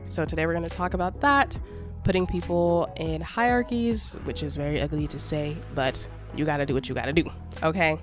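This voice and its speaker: A woman's voice: low-pitched, brisk, faint music behind. A woman in her twenties hosting a casual solo podcast, chatty and sassy, talking through a congested nose and sore throat. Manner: chatty and sassy, calling listeners babes and girl. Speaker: podcast host.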